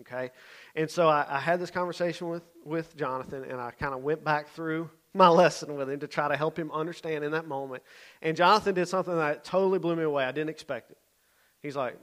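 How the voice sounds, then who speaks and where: A man's voice: fairly high pitch, fairly quick. A man, a youth pastor telling a story in a sermon, conversational and often checking in with his listeners.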